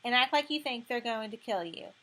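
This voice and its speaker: A woman's voice: a little high, lively intonation, brisk, fairly bright tone. A woman reading an audiobook voices a streetwise girl, blunt and bossy, talking slangy and swaggering. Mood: brash, bossy.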